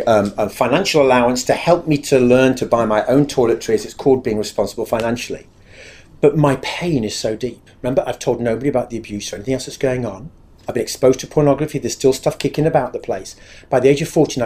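A man's voice: mid-range voice, a little mellow. A man giving a candid, confessional spoken testimony about his own life, speaking earnestly and acting out remembered dialogue.

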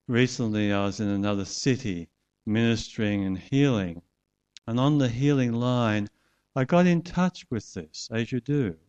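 Slow, earnest male preacher. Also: medium pitch, darkish tone. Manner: slow, earnest retelling with quoted voices. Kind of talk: sermon.

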